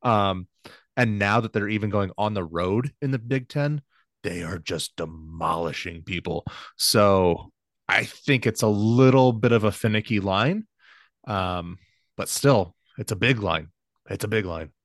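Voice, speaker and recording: Low-voiced male co-host, dry close mic, confident opinionated sports talk. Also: a little slow, no echo. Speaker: podcast co-host. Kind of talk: casual sports podcast chat.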